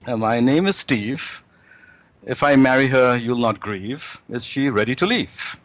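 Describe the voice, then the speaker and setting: A man's voice: medium pitch, animated, a little slow, a bit bright, no echo. A man voicing a smartly dressed young suitor who talks in sing-song rhymes. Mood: cocky. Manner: sing-song rhyming delivery.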